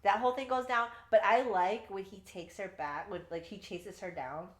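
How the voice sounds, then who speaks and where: A woman co-hosting a podcast, chatting casually about a book, animated and swearing as she acts out the characters' lines. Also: mid-range voice, normal speed, echoey room. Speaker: podcast co-host. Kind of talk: casual book review chat.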